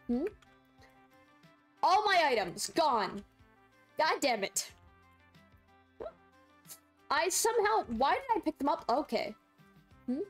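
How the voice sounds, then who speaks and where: High, lively young woman streamer. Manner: playful, laughs often, squeals when chat trolls her. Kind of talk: live gameplay commentary.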